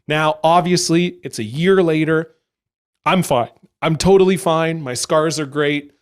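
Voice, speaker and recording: A young man telling a story as a stand-up comedian, animated and acting out other people along the way. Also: on the high side, unhurried, clean tone.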